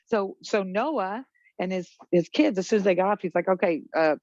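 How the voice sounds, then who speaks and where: A woman's voice: mid-range voice, normal speed, a little mellow, no room sound. A woman from the Pacific Northwest chatting casually as co-host, rambling and hesitant with frequent laughs. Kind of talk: casual chat. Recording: dull, muffled dry audio.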